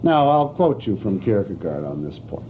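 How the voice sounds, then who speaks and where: A man's voice: lowish voice, sing-song, normal speed. A man giving a university philosophy lecture in an emphatic, wry manner. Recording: tinny, lo-fi archival lecture tape with faint hiss.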